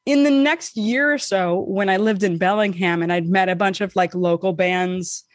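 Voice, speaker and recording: A woman co-hosting a podcast, telling a story in casual chat, animated and swearing freely, acting out the voices she quotes. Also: mid-range voice, moderate pace, dry recording, clean studio sound. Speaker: podcast co-host.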